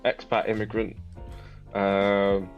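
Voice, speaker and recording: A man's voice: lowish voice, completely flat delivery, slow pace, dull audio, soft background music. A man co-hosting a live trading show, chatting casually with matey banter and calling his co-host "mate".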